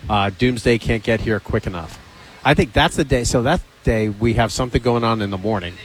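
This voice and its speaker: Man, mid-pitched voice, joking host, lots of questions, animated. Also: a little fast. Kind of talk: casual chat.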